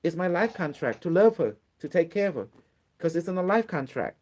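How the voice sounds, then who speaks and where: A man's voice: fairly high pitch, big pitch swings, a little fast, a little mellow. A man giving a casual spiritual lesson to a small group, blunt and repetitive, swearing freely and acting out pleading prayers. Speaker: spiritual teacher.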